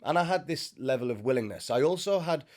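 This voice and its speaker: A Christian man sits indoors facing a bright camera, teaching on spiritual matters in a conversational way with jokes thrown in. He speaks fast, with an animated, medium-pitched voice and a darkish tone.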